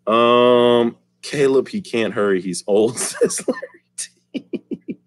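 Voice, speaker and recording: A man's voice: mid-range voice, slow pace, no echo. A man hosting a casual live stream, joking and teasing the chat and laughing often. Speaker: livestream host.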